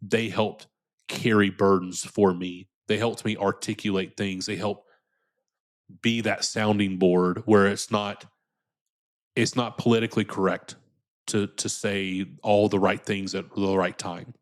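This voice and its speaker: A man with a fairly low voice talks candidly as an interview guest. He is earnest and unpolished, and he often restarts and repeats his words as he gathers his thoughts. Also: fairly even intonation, measured pace. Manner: earnest, repeats words when starting sentences.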